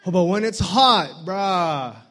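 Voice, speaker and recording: Playful high-voiced man joking from the pulpit. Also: lively intonation, slow pace, a bit bright. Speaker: guest pastor. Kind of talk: humorous sermon opening.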